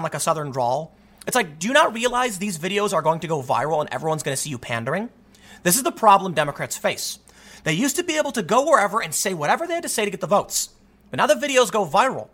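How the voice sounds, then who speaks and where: A male commentator talks through the news on his own, reading out article passages and breaking in with emphatic rhetorical questions. His voice sits high for a man and swings widely in pitch. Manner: animated, emphatic, rhetorical asides. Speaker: political commentator. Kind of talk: solo political commentary reading news aloud.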